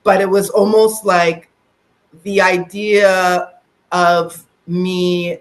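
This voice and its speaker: Woman, middle-aged, from Canada, animated storyteller, casual interview talk. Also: fairly low pitch, drawn-out words. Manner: animated, acts out quoted voices. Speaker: guest. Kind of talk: conversational storytelling.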